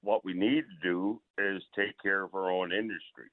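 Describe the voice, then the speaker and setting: A man from Ontario, calling into a radio show, polite and halting but firm. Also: low-pitched, fairly even intonation. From Ontario, Canada. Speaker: caller. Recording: tinny phone line.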